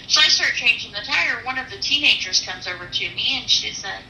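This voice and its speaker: A woman truck driver telling a personal faith testimony in an earnest, animated storytelling manner, with pauses. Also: mid-range voice, roomy sound, distant mic, slight background noise, rough recording.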